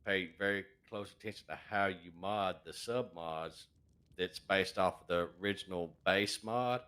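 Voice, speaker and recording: Man with a very low voice, casual gamer explaining step by step, hesitant. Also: bright, forceful tone, slight background noise. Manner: halting, lots of uh and um. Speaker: fellow gamer on voice chat.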